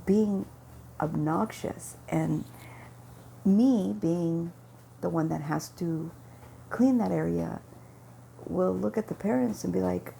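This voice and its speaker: A woman with a low, heavily gravelly voice and a dark, mellow tone tells a casual vlog story. She rambles, backtracks and corrects herself as she goes. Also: takes it slowly, pauses often, slight background noise. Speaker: vlogger. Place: at home with her dog nearby.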